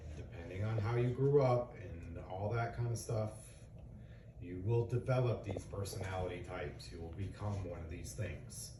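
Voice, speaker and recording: A middle-aged father with a low-pitched voice talks at a moderate pace amid background noise, heard from a distance in an echoey room. In a casual lecture to his young children, he earnestly explains things, asking them questions and giving examples.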